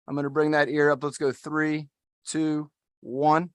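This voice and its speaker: A man's voice: a little high, flat delivery, a little slow, smooth, no echo, studio quality. A man instructing an adaptive fitness class, talking in an upbeat, encouraging way and counting down the holds. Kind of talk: guided workout instruction.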